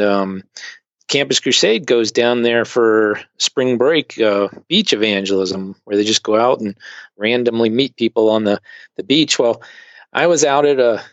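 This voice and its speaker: A man's voice: mid-range voice, no room sound, highs cut off. A middle-aged man telling a personal story as a guest, rambling with frequent fillers and restarts. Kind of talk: conversational testimony.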